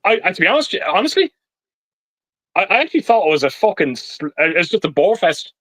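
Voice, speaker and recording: High-pitched stammering man, dry sound. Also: sing-song, brisk, fairly bright tone, no room sound. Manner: blunt, stammering restarts, swears often. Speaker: live stream host. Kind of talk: casual chat about movies. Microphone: video call.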